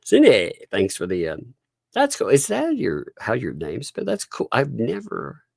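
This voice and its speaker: A man's voice: medium pitch, wildly swooping pitch, normal speed, vocal fry, darkish tone, no room sound, studio quality. A middle-aged man hosting a casual livestream, chuckling often as he reads out and thanks donors. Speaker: livestream host. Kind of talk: casual livestream chat reading donations.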